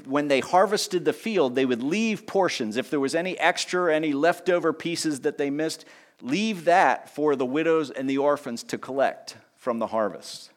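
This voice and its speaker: A man preaching a sermon in a lively teaching tone, with conversational asides and small jokes. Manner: lively teaching tone, pitch rising on key points and dropping low on asides. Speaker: pastor.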